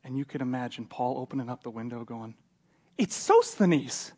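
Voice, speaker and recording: A male pastor preaching a sermon, telling the story with lively character voices and swings from loud to hushed. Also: medium pitch, quick pace.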